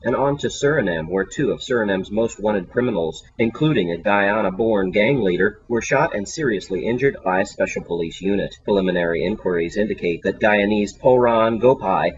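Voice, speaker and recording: A man reading scripted news as anchor in a steady, formal manner. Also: lowish voice, muffled recording.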